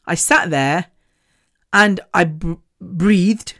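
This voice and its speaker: Her pitch is fairly low and her tone fairly bright, and she speaks very slowly. As host of a podcast, she tells a candid personal story in a chatty manner, cursing freely and laughing often.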